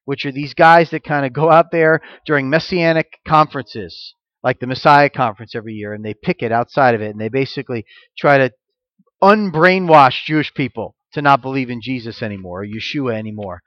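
A man preaching a sermon as a messianic rabbi, reading scripture and drawing out key words slowly for emphasis. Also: medium pitch, no room sound, lo-fi sound. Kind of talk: sermon teaching.

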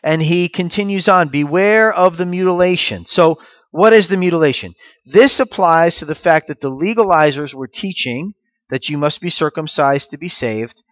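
A man's voice: a little high, moderate pace, dry recording, muffled recording. A man giving a sermon as pastor, teaching through rhetorical questions and repeated phrases.

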